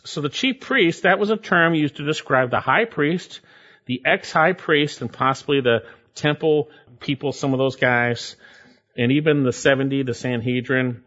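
A man preaching a sermon and reading scripture aloud, with emphatic swings in pitch and loudness. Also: a little slow, dull audio. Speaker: pastor.

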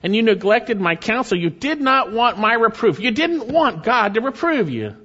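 Fervent high-voiced male preacher. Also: sing-song, normal speed, bright, forceful tone, husky. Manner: fervent, emphatic, reads scripture aloud. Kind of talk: sermon. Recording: dull lo-fi sound.

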